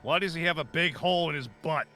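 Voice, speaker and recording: A man chats casually on a stream while building a model kit, joking around and riffing with quips in an animated way. His voice is on the high side and quick, with faint music playing behind him.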